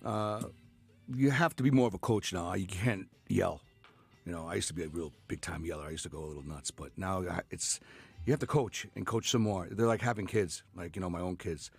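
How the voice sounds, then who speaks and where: A man's voice: low-pitched, fast talker, slightly rough, faint music behind. A man in his fifties, a chef guest in a radio studio, chatting casually with many fillers and restarts. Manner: rambling, lots of fillers and restarts.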